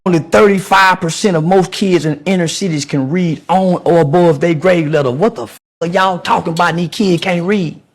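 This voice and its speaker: A man's voice: high voice, fairly even intonation, fairly quick, hardly any pauses. A man who is a podcast guest, giving blunt, profane social commentary in a preachy, lecturing way.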